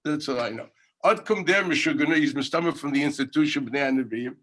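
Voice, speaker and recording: Animated rabbi, lively Talmud class. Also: male voice, a little high, brisk. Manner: animated, storytelling with sudden shouted quotes and laughs. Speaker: yeshiva rabbi teaching Talmud. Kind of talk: informal Talmud class with storytelling. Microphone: teaching over a video call.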